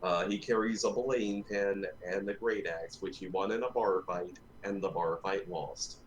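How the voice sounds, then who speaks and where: A man with an American Southern accent, a little hoarse, playing a tabletop game in a laid-back, self-deprecating way. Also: deep voice, fairly even intonation, normal speed, muffled recording, slight background noise. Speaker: player. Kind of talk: casual chat during a tabletop game.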